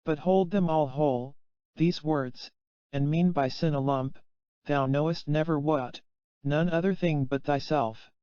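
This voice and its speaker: A man reads a spiritual text aloud in a slow, solemn, measured way. His voice is smooth and sits a little high for a man. The recording is dry and somewhat muffled. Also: steady tone, dry recording. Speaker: audiobook reader. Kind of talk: scripted reading of a spiritual text. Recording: dull, muffled, dry sound.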